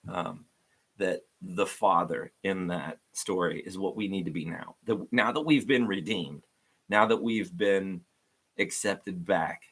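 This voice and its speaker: Deep-voiced man giving a casual devotional. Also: measured pace, fairly bright tone, husky. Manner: rambling, many restarts, earnest and informal.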